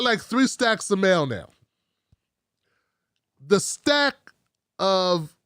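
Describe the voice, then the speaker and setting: A male host of a political livestream who rambles in a wry, profane, casual way. His voice sits fairly high and sounds dry and close. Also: fairly bright tone, no room sound.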